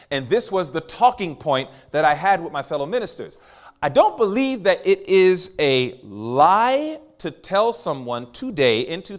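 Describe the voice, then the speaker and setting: A man preaching a sermon, acting out quoted voices with big swings as he tells stories. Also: a little high. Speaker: pastor.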